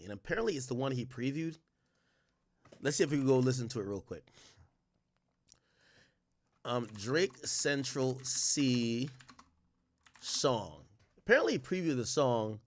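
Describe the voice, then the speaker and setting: A man from Jamaica with an American accent, hosting a livestream and chatting quickly and directly to his viewers. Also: mid-range voice, sing-song. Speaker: livestream host. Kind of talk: casual stream commentary.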